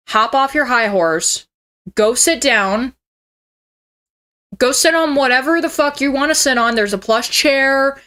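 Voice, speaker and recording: A woman's voice: a little high, a bit bright. A woman in her twenties, a streamer giving heated, profane reaction commentary with a mocking edge. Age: 20s.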